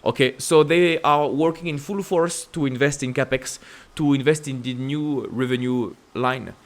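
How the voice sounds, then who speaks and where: A man with a French accent hosting casual stock-market commentary, asking emphatic rhetorical questions and jumping up in pitch to stress points. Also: moderate pace. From France. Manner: emphatic, repetitive rhetorical questions with sudden upward pitch leaps. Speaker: investing channel host.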